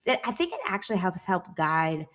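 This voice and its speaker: A woman's voice: on the low side, sing-song, brisk. A woman in her forties from New Orleans, a podcast guest talking in an enthusiastic, reflective way with some fillers. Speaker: podcast guest, leadership consultant. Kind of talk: casual chat.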